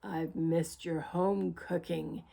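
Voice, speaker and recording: A hungry big bad wolf growls out of a storybook, sly under his sheep disguise, as a woman reading aloud puts him on. The voice sits well below her own and stays low and growly throughout. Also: steady tone, takes it slowly, creaky, dark tone, breathy edge, exaggerated voice. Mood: growling, sly.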